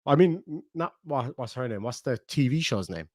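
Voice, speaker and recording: A middle-aged Irish livestream host keeps things chatty and jokey, rambling on while reading comments from his audience. He speaks at a normal speed in an expressive, medium-pitched voice, and the studio-quality recording has no room sound.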